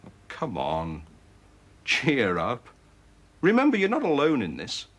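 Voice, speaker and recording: A man's voice: mid-range voice, wildly swooping pitch, a little slow. A blunt, persuasive self-made businessman. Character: practical self-made businessman giving advice. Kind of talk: 1980s television soap acting.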